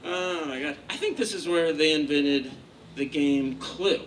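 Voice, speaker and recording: A man's voice: fairly high pitch, measured pace. A man from Kansas doing a stand-up comedy set on a club stage, rambling, profane and playfully sarcastic. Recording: noisy live club recording.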